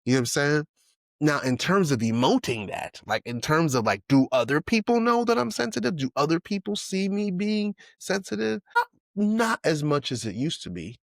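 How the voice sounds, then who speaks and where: A man's voice: a little high, very animated, normal speed, creaky, no room sound, studio quality. A man in his forties hosting a solo podcast, talking without notes in a candid, reflective way, full of restarts and "you know what I'm saying.". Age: 40s. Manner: candid and emotional, swears casually. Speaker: podcast host. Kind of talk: unscripted solo podcast monologue.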